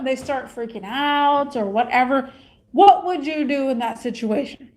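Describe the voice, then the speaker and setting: A woman's voice: high voice, unhurried, a little mellow. A woman vlogger rambling in a casual rant, repeating her questions.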